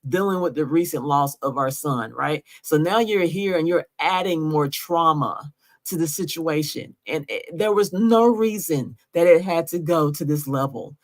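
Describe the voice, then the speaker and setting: A woman's voice: low-pitched, moderate pace. Earnest woman narrating over footage. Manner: earnest, repeats "right?" often. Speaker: vlogger narrating a recording. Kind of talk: emotional commentary over footage.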